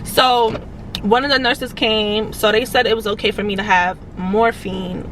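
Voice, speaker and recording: A woman's voice: medium pitch, fairly even intonation, measured pace, fairly bright tone, a little hiss or hum, low-quality recording. A woman animatedly telling her followers a story in casual, profanity-filled talk, addressing them as y'all.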